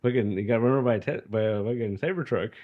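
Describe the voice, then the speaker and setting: A man's voice: medium pitch, quick pace, no echo, phone-quality sound. A man co-hosting a casual comics podcast, laid-back, laughing a lot and swearing casually. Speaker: podcast co-host. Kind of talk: casual chat. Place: comic shop.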